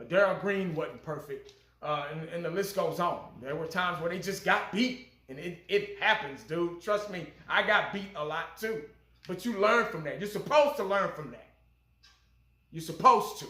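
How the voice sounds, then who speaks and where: A man's voice: fairly high pitch, bright, forceful tone, reverberant. A man giving blunt, profane, fired-up fan commentary as a channel host.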